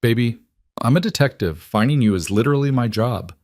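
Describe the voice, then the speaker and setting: Man playing smug controlling husband, falsely gentle, menacing, dry close voice, storybook. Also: medium pitch, expressive, brisk, no echo, lightly acted.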